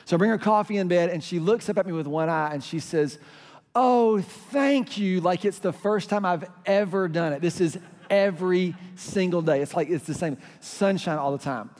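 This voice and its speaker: A man's voice: high voice, fairly quick, darkish tone. A middle-aged man, preaching a sermon as pastor and telling stories that lead into crowd call-and-response. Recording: hall reverb.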